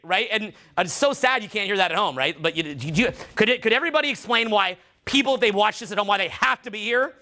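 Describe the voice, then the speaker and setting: A man coaching a live workshop in front of students, talking in an animated way and acting out loud demonstration voices as he explains. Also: sits high, quick pace, few pauses. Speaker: vocal coach.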